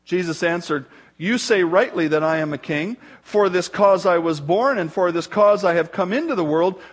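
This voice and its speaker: Male preacher, high voice, dramatic scripture reading in a sermon. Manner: reads scripture dramatically, rising for quoted shouts. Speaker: pastor.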